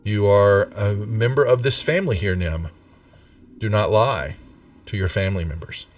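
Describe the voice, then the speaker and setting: A man voicing a stern, motherly woman who scolds her wayward ward slowly and firmly. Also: lowish voice, distant mic, lightly acted. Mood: earnest scolding. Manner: slow, firm, scolding.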